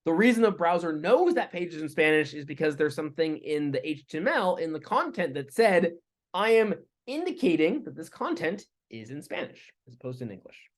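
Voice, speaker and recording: A man's voice: on the high side, brisk. Man lecturing, casual with restarts. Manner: relaxed, thinking aloud with fillers and restarts. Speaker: instructor. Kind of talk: lecture with live coding.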